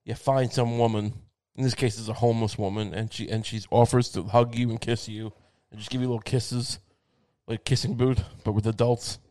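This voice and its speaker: Male host, irreverent rambling monologue, profane, stumbling restarts, mid-pitched voice, quick jokey asides. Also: level tone, dark tone. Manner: acts out quoted voices in bits. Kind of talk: crude comedic monologue.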